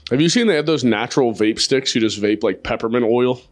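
A man's voice: medium pitch, fairly quick. A man hosting a podcast, a comedian chatting crudely, with lots of profanity and jokes. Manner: profane, joking, storytelling. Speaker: podcast host. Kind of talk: crude casual chat.

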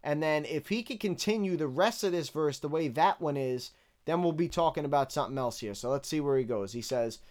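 Man picking apart rap rhymes, smooth voice. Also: on the high side, a little fast. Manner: breaks down rhymes bar by bar, candid and relaxed. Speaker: rap lyric reviewer. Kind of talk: casual analytical commentary.

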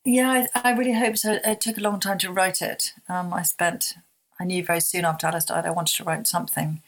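A woman author, speaking softly and haltingly as a guest in an emotional interview conversation. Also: on the low side, fairly even intonation. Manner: soft-spoken, halting with many restarts.

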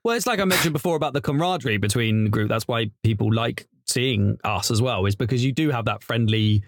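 A man's voice: medium pitch, quick pace, no echo, studio quality. A man talking casually as an improv comedian guest, chatty and rambling. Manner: chatty, rambling with restarts and laughs. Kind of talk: casual interview chat.

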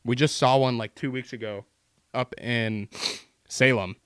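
A man's voice: medium pitch, steady tone, a little slow, fairly bright tone, clear, resonant tone, no echo, studio quality. A man telling long, rambling stories in casual podcast chat, swearing constantly as he goes.

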